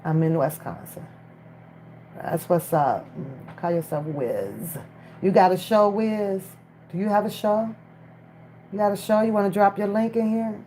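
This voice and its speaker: Slow-talking woman streaming from her phone. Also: mid-range voice, warm tone, slight background noise. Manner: chatty, talks straight to chat viewers. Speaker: livestream commentator. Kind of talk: casual live-stream commentary.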